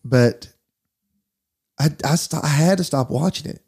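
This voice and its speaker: Speaking at a measured pace, the man's voice is fairly high, slightly rough and a little mellow. He's a pastor hosting a podcast, chatting candidly and comfortably while telling stories.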